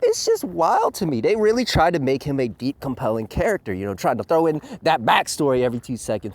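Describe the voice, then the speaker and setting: A man's voice: on the high side, wildly swooping pitch, fairly quick, darkish tone, slight background noise. A man giving a profane, ranting review commentary full of fillers and laughs.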